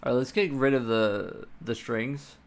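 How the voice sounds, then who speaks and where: A man's voice: mid-range voice, steady tone, unhurried. A man live-streaming his game engine coding, thinking aloud, muttering to himself and swearing casually.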